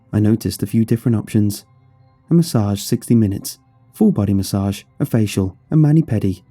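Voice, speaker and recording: A man narrating a horror story in the first person, telling it in a measured, descriptive way. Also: fairly low pitch, mellow, slightly rough, dry recording.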